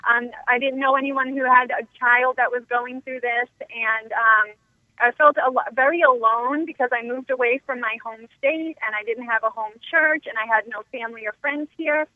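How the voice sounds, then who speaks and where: A woman calling in to a radio show by telephone, speaking gratefully and softly with many ums. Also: fairly high pitch, fairly even intonation, normal speed, no echo. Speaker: caller. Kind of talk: phone-in call to a radio show. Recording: tinny phone line.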